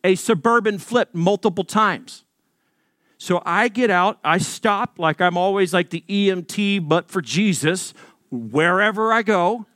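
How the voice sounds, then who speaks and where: A man, a pastor telling a storytelling sermon in an animated, jokey way, acting out voices in his anecdotes. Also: high-pitched, unhurried, dry recording, clean studio sound.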